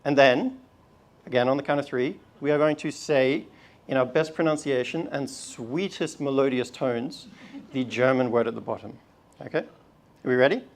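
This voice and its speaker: A man giving a lively talk at a university event, stirring the audience to chant along with him. His voice is gravelly and his delivery casual, full of fillers and quick asides. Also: medium pitch. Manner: energetic, leads audience in call and response, casual fillers. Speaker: research slam presenter. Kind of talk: live public talk leading audience chants.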